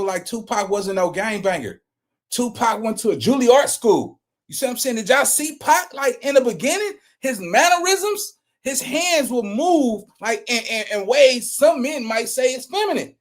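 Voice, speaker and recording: A man with a fairly high voice talks straight to his viewers in loose, slangy commentary. He presses his points hard and keeps repeating and restarting his words. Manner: emphatic, slangy, repeats himself. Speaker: reaction vlogger. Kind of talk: casual commentary.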